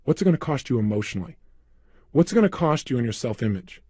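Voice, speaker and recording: A man's voice: medium pitch, very animated, quick pace, warm tone, husky, dry recording. A man coaching listeners through a self-help program, giving emphatic step-by-step instructions. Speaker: motivational coach. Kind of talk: recorded self-help seminar.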